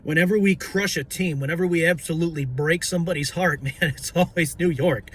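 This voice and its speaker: A man with a fairly high voice rants to camera about his team. He is hoarse and his voice is nearly gone. He is brash and profane, and he spins his boasts as a story. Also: brisk, hardly any pauses, a bit bright. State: hoarse, voice going out. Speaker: football fan vlogger. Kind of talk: profane fan rant to camera.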